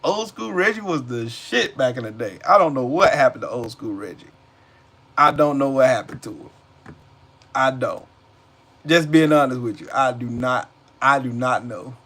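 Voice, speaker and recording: A man's voice: mid-range voice, moderate pace, sharp tone. A man hosting a channel, reacting to clips in a loose, slangy way and talking straight to his viewers. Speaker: host. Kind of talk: casual reaction commentary.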